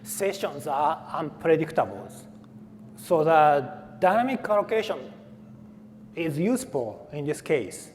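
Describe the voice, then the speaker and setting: A man presents a technical talk at a conference. His voice sits slightly high, and he pauses often with fillers and restarts. The sound carries a faint reverb from the hall and light background noise. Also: animated. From Japan. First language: Japanese. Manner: halting, with frequent fillers and restarts. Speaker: conference speaker.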